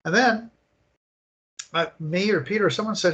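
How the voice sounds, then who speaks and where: An older man telling animated, rambling stories as a guest in an interview, acting out the scenes as he goes. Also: on the high side, moderate pace, dull audio. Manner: animated, rambling storyteller who acts out scenes. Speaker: guest, attraction designer. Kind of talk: casual interview storytelling.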